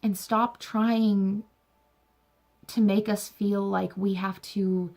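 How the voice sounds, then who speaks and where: A woman's voice: medium pitch, little pitch movement, slow pace, vocal fry, darkish tone. A young woman talking earnestly to camera, sharing a personal story and encouraging her viewers with faith-filled words. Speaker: vlogger. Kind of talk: heartfelt personal talk to camera.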